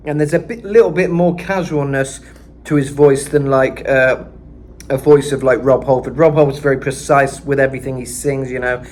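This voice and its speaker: A man giving a casual vocal lesson, chatting about singers' tones and breaking into gritty high sung and screamed demonstrations. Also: fairly even intonation, moderate pace, darkish tone, a little hiss or hum. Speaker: vocal coach.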